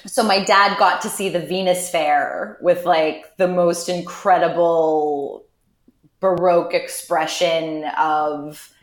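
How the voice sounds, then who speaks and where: A woman's voice: on the low side, steady tone, slow pace. A woman guest on a podcast, telling candid stories in a dry, wry, blunt way, breaking into laughs. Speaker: interview guest. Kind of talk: candid conversational storytelling. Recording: roomy echo on the voice.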